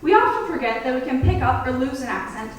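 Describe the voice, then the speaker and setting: A woman's voice: high-pitched, big pitch swings, fast, slight background noise. A woman student giving an emphatic prepared speech at a school competition, now and then slipping into mock accents. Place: school hall. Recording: echoey hall, voice from far off.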